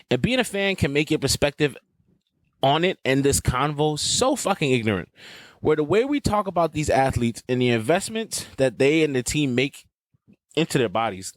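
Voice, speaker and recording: Male podcast host, profane and blunt, lively swinging pitch, dry close sound. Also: dry recording, rough recording. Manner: blunt, profane, animated ranting. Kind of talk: casual sports commentary.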